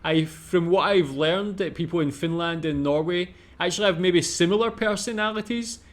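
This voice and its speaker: A man hosting a reaction video, pausing the clip to ask his viewers questions. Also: high-pitched. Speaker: reaction channel host. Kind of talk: reaction commentary.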